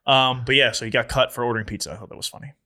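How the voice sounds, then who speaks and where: A man's voice: medium pitch, steady tone, very fast, pushed and bright. A young man hosting a podcast in casual chat. He laughs often and tells stories loosely. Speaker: podcast host.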